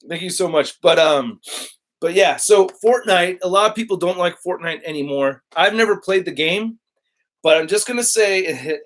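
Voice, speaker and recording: A young man hosting a casual live stream, excitable and rambling, reading his chat aloud. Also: high-pitched. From United States. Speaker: toy collector YouTuber, live-streaming host.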